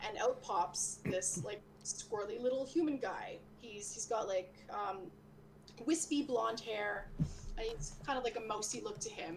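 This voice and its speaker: A woman acting as game master, narrating a tabletop game in a casual, relaxed way full of fillers. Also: a little high, background noise.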